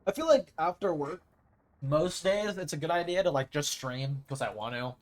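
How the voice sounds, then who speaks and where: A man's voice: on the high side, lively intonation, normal speed. Chatty young male streamer, rambling. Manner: rambling, chatty, with sudden loud mimicking shouts. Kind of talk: casual gameplay chat.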